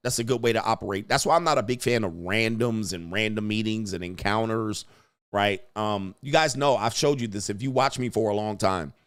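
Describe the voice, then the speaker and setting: A man's voice: lowish voice, brisk, a bit bright, clean tone. A man hosting a live stream, chatting casually, reading viewer donations aloud and laughing often. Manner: loose and joking, reads donor messages aloud, laughs often.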